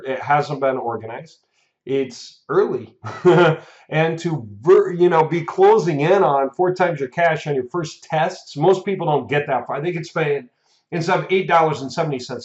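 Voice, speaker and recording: A man giving a casual video update as the host of a marketing course. He has the hiccups, laughs often and rambles. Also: on the high side. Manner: chatty, laughs often, restarts and fillers. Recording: echoey room, dull lo-fi sound.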